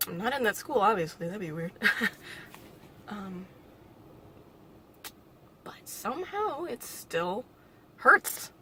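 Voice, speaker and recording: A young woman vlogging alone, talking in a halting, reflective way with nervous little laughs, emotional and close to tears. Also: mid-range voice, very animated, noisy background. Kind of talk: personal vlog monologue.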